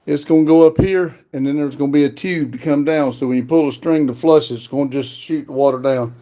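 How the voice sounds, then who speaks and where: A man co-hosting a casual livestream, talking quietly and haltingly while showing his building work. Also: a little high, fairly even intonation. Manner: soft-spoken, halting, many fillers.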